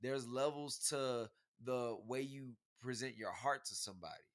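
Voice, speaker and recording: A man's voice: mid-range voice, normal speed. A young man in a casual couple's debate, arguing hard, talking over his partner and stumbling over repeated words. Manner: argumentative, talks over her, repeats words when cut off.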